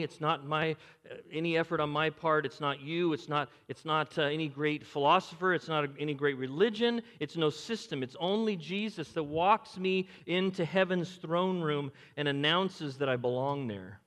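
A middle-aged pastor preaching a sermon in a conversational, animated way, swinging between emphatic highs and quiet, hushed lows. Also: male voice, moderate pace. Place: church sanctuary. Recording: long reverb of a large hall.

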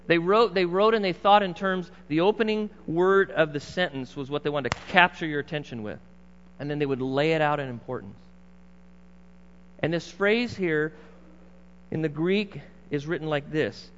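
Middle-aged male pastor, slightly high voice, emphatic conversational sermon, muffled recording with long hall reverb. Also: a bit bright, slight background noise. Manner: conversational, emphatic preaching with asides to the congregation.

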